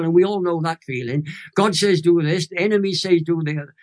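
Older Welsh man, 80s, slightly high-pitched, emotional and animated testimony teller. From Wales. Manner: animated, emotional storytelling with dramatic pauses. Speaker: guest. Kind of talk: storytelling testimony.

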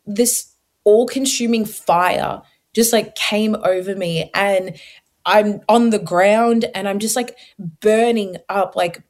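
A woman's voice: medium pitch, steady tone, takes it slowly, a little mellow. A young woman from Australia tells her personal story as an interview guest. She talks earnestly and vividly, slipping into her own past thoughts as she goes.

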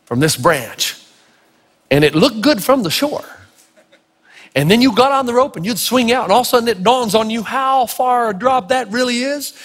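High-voiced preacher guy from tennessee, folksy funny sermon stories, big echoey hall. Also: husky. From Tennessee, United States. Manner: animated, folksy, humorous. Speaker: pastor. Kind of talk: sermon with storytelling.

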